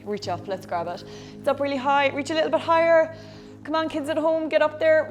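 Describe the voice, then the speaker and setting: Speaking in a high-pitched voice, a young Irish woman guides kids at home through a yoga class, keeping things playful and encouraging.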